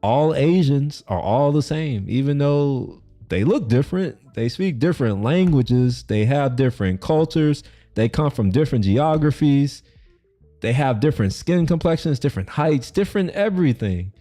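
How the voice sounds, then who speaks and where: A man's voice: medium pitch, expressive, moderate pace, dark tone, faint music behind. A man streaming as he reacts to a video, rambling casually with lots of restarts and frequent laughter. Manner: rambling, many fillers and restarts, laughs often.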